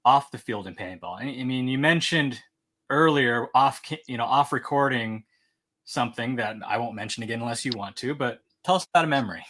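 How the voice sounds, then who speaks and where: Relaxed male podcast interviewer. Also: medium pitch, brisk. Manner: relaxed, laughs along, brief replies. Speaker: interviewer, host. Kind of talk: casual interview talk.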